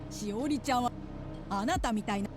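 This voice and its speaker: An actress voicing a bitter woman in a game scene, speaking in halting, broken-off accusations. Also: fairly high pitch, natural voice. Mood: accusing. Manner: halting, cut-off accusatory lines. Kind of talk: Japanese game voice acting. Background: game music.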